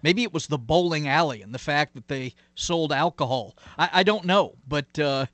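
A man's voice: a little high, moderate pace, fairly bright tone, no room sound. A man, a pastor, telling stories and explaining his faith as an interview guest, earnest, with many "uh"s and "you know"s. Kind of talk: interview guest, reflective storytelling.

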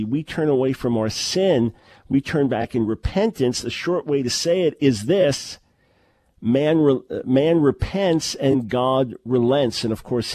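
A middle-aged man delivers a teaching sermon, pressing his point with repeated rhetorical questions and quick restarts. His voice sits at an ordinary male pitch. The sound is dry and close, with no room echo. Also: a little mellow. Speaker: preacher.

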